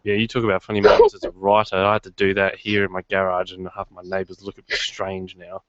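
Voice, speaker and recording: A man's voice: sits low, completely flat delivery, fast, no room sound. A man hosting a podcast from his garage, chatting casually in a rambling, self-deprecating way. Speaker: podcast host. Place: home studio in his garage. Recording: dull lo-fi dry sound.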